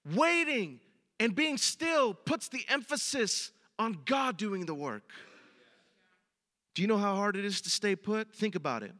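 A male pastor preaching a sermon in a very high, piercingly bright voice. He talks to the congregation in a conversational way. His voice rings with a long reverb in a large hall. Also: sing-song, unhurried.

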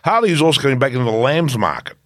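A man's voice: mid-range voice, big pitch swings, very fast, a bit bright, no room sound, studio quality. A man co-hosting a casual, sweary motorbike podcast. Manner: loose, sweary, laughing. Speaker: podcast co-host.

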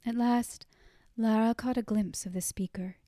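A woman narrating a story in a soft whispered role-play, hushed and unhurried. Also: on the high side, steady tone, no echo.

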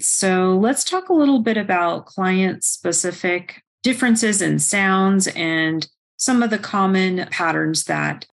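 A woman's voice: on the low side, creaky. A woman hosting a professional podcast, asking her guest organized, inquisitive questions. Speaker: podcast host. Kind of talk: podcast interview.

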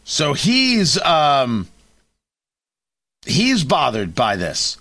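A middle-aged man hosting a radio talk show, giving opinionated commentary with sarcasm and quick asides. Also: fairly high pitch, dry recording. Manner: sarcastic, animated, quick asides and mock voices. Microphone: studio microphone.

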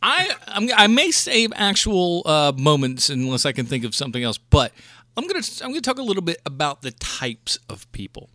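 A man's voice: fairly high pitch, huge pitch swings, normal speed, pushed and bright, no echo, clean studio sound. Fired-up man ranting on a podcast. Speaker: podcast host. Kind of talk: casual podcast chat.

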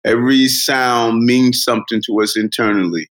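A man's voice: mid-range voice, steady tone, moderate pace, fairly bright tone, poor audio. Middle-aged new guy, earnest and motivational, telling his story as a podcast guest. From Brooklyn, New York.

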